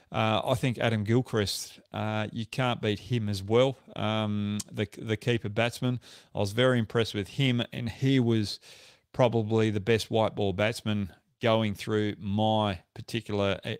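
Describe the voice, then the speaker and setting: Aussie bloke doing a live q&a, chatty and friendly, keeps correcting himself, smooth voice, dry close mic. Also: male voice, on the low side, dry recording. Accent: Australian. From Australia. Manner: chatty, self-correcting, friendly greetings to viewers. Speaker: live stream host answering viewer questions. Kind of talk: casual live stream Q&A.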